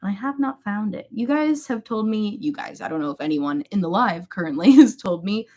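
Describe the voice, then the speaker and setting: A woman's voice: mid-range voice, animated, brisk, a little mellow. A young woman chatting casually with viewers while doing her makeup on a livestream, rambling and greeting people by name. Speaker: beauty livestream host.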